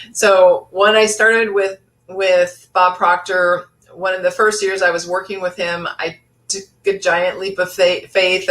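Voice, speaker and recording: Earnest woman coach with a lowish voice. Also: a bit bright. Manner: earnest, frequent fillers and restarts. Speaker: life coach. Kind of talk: motivational talk to an audience.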